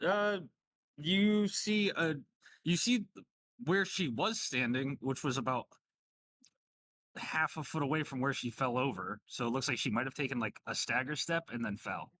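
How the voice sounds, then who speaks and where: A male game master narrating a tabletop game in a casual, joking way, with plenty of ums and restarts. His voice is bright and forward, at a middle pitch. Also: moderate pace, dry recording.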